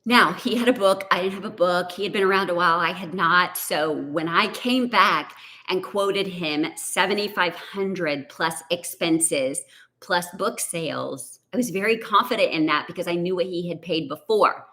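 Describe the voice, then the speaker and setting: A middle-aged woman, a business coach telling a chatty, animated story to a live online audience. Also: on the low side, normal speed. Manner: chatty, animated, says "y'all" and "like".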